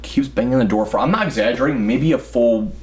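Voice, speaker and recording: A man's voice: mid-range voice, fast talker. A young man telling a long party story in casual chat, rambling and swearing as he goes. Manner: profane, rambling, animated retelling. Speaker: podcast host telling a story.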